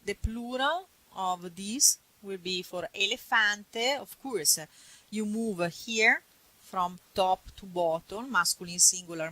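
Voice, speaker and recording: Italian-accented woman teaching a language class, slow and patient, bright tone, a little low-pitched. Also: slight background noise, poor audio. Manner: patient, repeats words slowly. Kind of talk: classroom grammar lesson.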